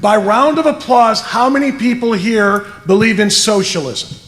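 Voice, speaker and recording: A man hosting a political town hall, running crowd work with brisk jokes. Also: high-pitched, a bit bright.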